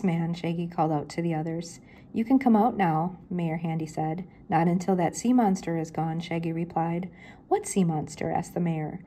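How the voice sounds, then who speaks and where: Soft-toned grandmother reading a storybook. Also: a little hiss or hum. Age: older. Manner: lifts her pitch for the characters' lines. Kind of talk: children's book read-aloud.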